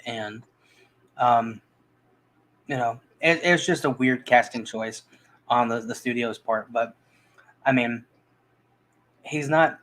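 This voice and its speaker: A man's voice: medium pitch, slow pace, pauses often, a bit bright, low-quality recording. A man reviewing movies in a casual, rambling chat, full of restarts and fillers.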